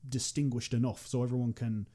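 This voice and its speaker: Brisk and mellow, with a medium pitch and level tone, a young Irish machinima creator chats as a podcast guest. He talks casually and rambles, restarting often, using fillers and swearing freely.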